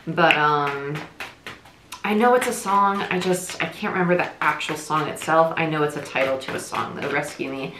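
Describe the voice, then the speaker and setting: A young woman from New Jersey giving a casual tarot reading, talking quickly in a chatty, rambling way. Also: low-pitched, background noise. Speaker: tarot reader. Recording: echoey room.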